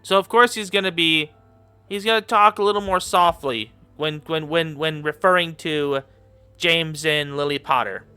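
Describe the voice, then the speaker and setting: Man, casual reaction commentary, rambling, filler-heavy, bright, smooth voice, a little higher pitch. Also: normal speed, soft background music. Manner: gets excited and laughs easily. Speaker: YouTube commentator.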